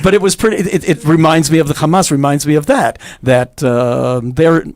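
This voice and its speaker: A man's voice: on the high side, normal speed, no room sound. A man with a slightly raised voice joins a radio talk show as a guest, recorded close and dry in the studio. He speaks wryly and makes his opinions plain. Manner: opinionated, wry. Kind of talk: casual talk show discussion.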